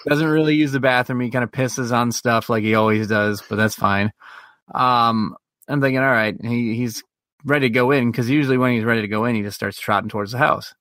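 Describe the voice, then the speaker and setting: A man's voice: medium pitch, steady tone, fairly quick, fairly bright tone, dry recording, studio quality. A man co-hosting a podcast, telling a long, profane story in casual chat. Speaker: podcast co-host.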